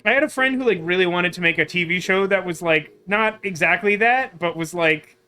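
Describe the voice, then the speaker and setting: Bright-voiced rambling male streamer. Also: high-pitched, a little fast, soft background music. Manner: rambling, self-deprecating, chatting to viewers. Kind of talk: casual game commentary.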